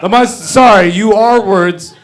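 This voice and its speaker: A man's voice: high-pitched, normal speed, a crowd in the background. A man in his thirties doing a profane, brash stand-up comedy rant on a club stage. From Canada. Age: 30s.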